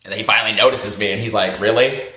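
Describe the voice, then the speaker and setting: A man casually telling stories to camera, animated and profane, laughing often and acting out what others said. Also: fairly low pitch, very fast, reverberant. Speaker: vlog host. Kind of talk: casual storytelling monologue.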